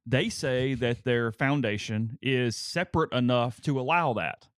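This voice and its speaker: A man co-hosting a sports podcast who talks in an animated way and slips into mocking voices when he quotes people. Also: mid-range voice, measured pace, clean tone, no echo, studio quality. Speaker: podcast co-host. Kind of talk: casual sports talk.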